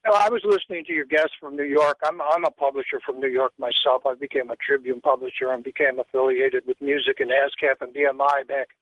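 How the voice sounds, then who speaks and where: A man's voice: mid-range voice, little pitch movement, a little fast, few pauses, no echo. An older man calling in to a radio show, talking in a rambling, hesitant way and jumping between claims. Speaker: caller. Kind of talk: phone-in conversation. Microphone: telephone. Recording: muffled phone-in line.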